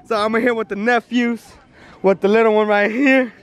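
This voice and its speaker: A young man vlogging casually at a family party, slangy and excitable, tipsy, mixing in Spanish words. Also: high-pitched, moderate pace, a little hiss or hum. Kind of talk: casual vlog chat. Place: outdoors at a family party on a ranch.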